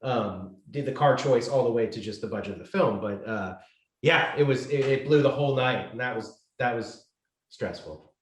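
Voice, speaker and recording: A man's voice: mid-range voice, normal speed. A man, a film co-director, telling rambling, wry stories in a casual interview. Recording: roomy echo with faint noise.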